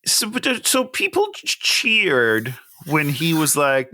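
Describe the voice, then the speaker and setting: Bright, lively-voiced man chatting. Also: fairly high pitch, slight background noise. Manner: enthusiastic, swears casually, quick asides. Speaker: podcast co-host. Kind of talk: casual chat.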